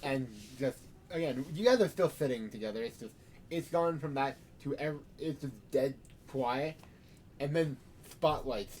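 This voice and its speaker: A man's voice: mid-range voice, a little mellow, slight background noise. A man narrating as game master in a casual, loose way.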